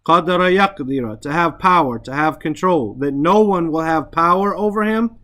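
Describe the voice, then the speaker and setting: Guy teaching quran arabic class, patient, recites then explains, kinda high voice. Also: moderate pace, pushed and bright. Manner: explains patiently with frequent "right?" checks. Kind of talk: classroom grammar lesson.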